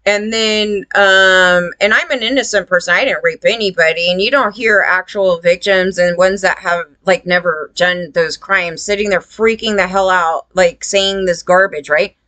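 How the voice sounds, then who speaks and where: A woman's voice: on the low side, moderate pace, few pauses, sharp tone, no echo. A woman talking to her viewers in a rambling, indignant casual monologue, full of fillers. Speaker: vlogger.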